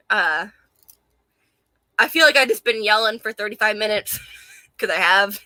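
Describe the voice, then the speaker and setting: A woman's voice: medium pitch, lively intonation, slow pace, bright, forceful tone, no echo. A young woman from Charleston with a light Southern accent, ranting casually to camera with lots of laughter and swearing, hot and a little out of breath. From Charleston, South Carolina. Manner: profane, laughing often, rambling and emphatic. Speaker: vlogger.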